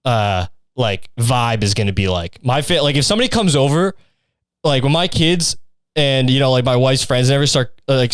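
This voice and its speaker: Crude rambling man, smooth voice. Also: medium pitch, dry recording, clean studio sound. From Canada. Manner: crude, rambling, insult-heavy. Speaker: podcast host. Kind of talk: solo comedy podcast rant.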